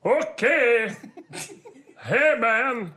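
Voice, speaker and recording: Man doing a high, slow, bright-toned Canadian pal, friendly joke accent. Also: animated, exaggerated voice. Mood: goofy. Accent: Canadian, put on. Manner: drawling, chummy, says buddy. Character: friendly laid-back Canadian guy. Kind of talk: joking impression at dinner.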